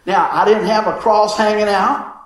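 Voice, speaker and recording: A man's voice: sits high, fairly even intonation, normal speed, echoey room, rough recording. A man preaching a folksy sermon, often chuckling and calling out for amens. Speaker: pastor.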